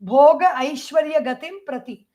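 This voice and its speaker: A woman with an Indian English accent delivers a scriptural discourse in a high voice. She talks in a measured, explanatory teaching manner. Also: warm tone. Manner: measured explanatory teaching with chanted Sanskrit verses. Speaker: spiritual teacher.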